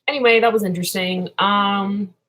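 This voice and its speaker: A woman's voice: fairly low pitch, creaky. A woman vlogging in a clown persona, drifting earnestly from topic to topic and then turning silly. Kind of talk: rambling casual vlog.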